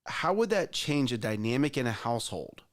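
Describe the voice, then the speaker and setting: A man's voice: mid-range voice, very animated, fairly quick. A middle-aged man hosting a casual chat show, earnest and emphatic, challenging listeners directly. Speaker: host.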